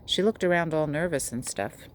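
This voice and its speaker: A woman teacher reading a children's novel aloud to her class in a steady, gentle way. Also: deep voice, normal speed, a little hiss or hum.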